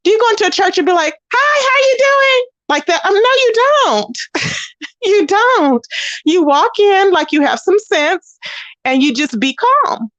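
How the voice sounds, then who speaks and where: High-voiced chatty woman, dry close mic. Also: animated, measured pace, no echo, highs cut off. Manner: chatty and blunt, greets viewers by name. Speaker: host of a live commentary stream. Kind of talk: casual live-stream chat.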